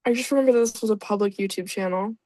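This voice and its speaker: A woman's voice: medium pitch, fast, darkish tone, no room sound. A young woman YouTuber reading a story aloud and reacting to it with sarcastic, profane, self-mocking asides. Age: young adult.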